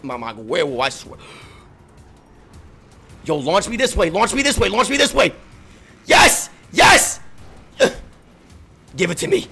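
A young male streamer calls out his own gameplay in a high, bright voice with a gravelly edge, swinging from low mutters to all-out yells. He swears freely and runs out of breath. Faint music plays underneath. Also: a little slow, pauses often. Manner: excitable, swings from muttering to yelling, swears a lot. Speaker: gaming streamer. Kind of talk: frantic live gameplay commentary.

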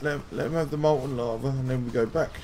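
A man commentating his first raid live, excitable and swearing, shouting warnings to his teammates. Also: medium pitch, quick pace, vocal fry, noisy background. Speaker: gamer commentating his own play. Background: game music.

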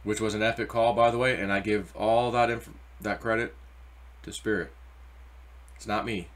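A man's voice: on the low side, steady tone, normal speed, fairly bright tone. A middle-aged man giving casual, rambling crypto market commentary with anecdotes and spiritual asides. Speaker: crypto YouTuber.

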